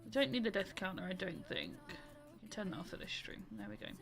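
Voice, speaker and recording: A woman's voice: medium pitch, wildly swooping pitch, brisk, vocal fry, music in the background. A woman streaming a roleplay game, chatting casually and greeting her viewers one by one.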